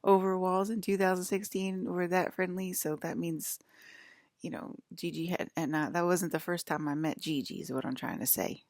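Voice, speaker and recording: This dry recording with no room sound features a vlogger in her thirties with an American East Coast accent. Her voice is fairly low and a little mellow, steady in tone and at normal speed, as she rambles to viewers, laughs frequently and occasionally whispers.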